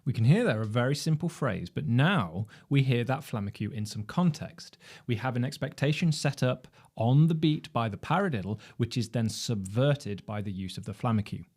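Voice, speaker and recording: A man teaching drumming in a measured, explanatory lecture, posing rhetorical questions as he goes. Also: medium pitch, animated, a little mellow. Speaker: drum instructor. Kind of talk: instructional lecture.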